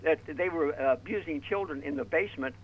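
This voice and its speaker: Male caller on a radio show, halting retelling, faint line noise. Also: fairly high pitch, lo-fi sound. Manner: halting, searches for details. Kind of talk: phone-in call.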